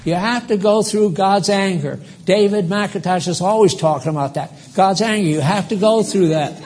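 A man's voice: sits high, normal speed, darkish tone. An older man preaching a live sermon, emphatic and rambling, stopping to quiz his congregation.

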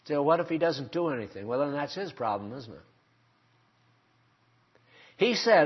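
An older male preacher delivers a sermon with a husky, slightly raised voice. He presses his points with rhetorical questions to the congregation. The recording sounds dull and lo-fi. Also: a little high, sing-song, moderate pace, long pauses.

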